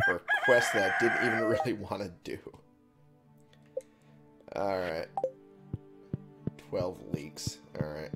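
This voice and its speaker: Over game music, a let's play streamer talks casually through his own gameplay in a low, slow voice with frequent pauses. He swears a lot, laughs often and keeps exclaiming in exasperation.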